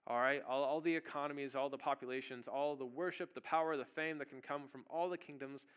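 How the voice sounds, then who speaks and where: A male pastor preaching a sermon in a church, telling the story casually and then breaking into sudden loud bursts. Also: medium pitch, steady tone, fairly quick, clear, resonant tone. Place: church sanctuary.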